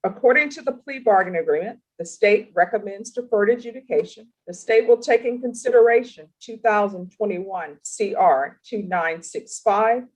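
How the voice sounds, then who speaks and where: A woman's voice: mid-range voice, darkish tone, low-quality recording. Stern woman judge questioning in court. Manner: stern, deliberate, formal questioning. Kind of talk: courtroom plea hearing.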